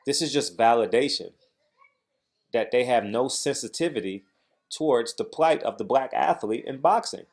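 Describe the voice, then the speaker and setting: An American man hosts a heated boxing commentary vlog, acting as both boxing commentator and channel host. His medium-pitched voice is animated yet a little slow, and he speaks in an agitated, emphatic manner, repeating phrases to drive his points home.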